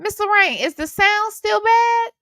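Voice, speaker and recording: Brief: animated woman host, dry close sound, loose casual chat with viewers. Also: very high voice, a little slow, no echo. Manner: chatty, talks to viewers, swears casually. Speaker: reaction channel host. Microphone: desk microphone.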